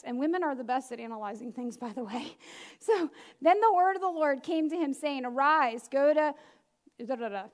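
A middle-aged woman preaching a lively sermon, laughing often and acting out the people she quotes. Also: high voice.

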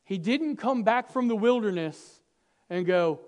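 A man delivers a sermon in a fairly high voice. He drops to near-whispers for weight, then climbs into loud, animated stretches. He plays out bits of dialogue with a light, humorous touch. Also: unhurried. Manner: dynamic, swings from hushed to loud and animated; acts out quoted dialogue with humor. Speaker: preacher.

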